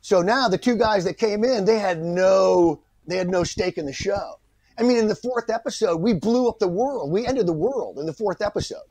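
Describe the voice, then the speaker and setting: Middle-aged guy telling a story, does all the voices, fairly high voice, dry close sound. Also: moderate pace, no echo. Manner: animated, acts out voices in his stories. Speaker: guest actor. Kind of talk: anecdotal storytelling.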